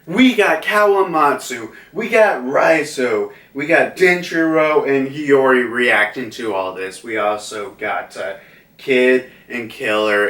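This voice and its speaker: A man's voice: medium pitch, fairly bright tone. A man giving a casual manga chapter review, rambling with lots of fillers. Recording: roomy echo, distant mic.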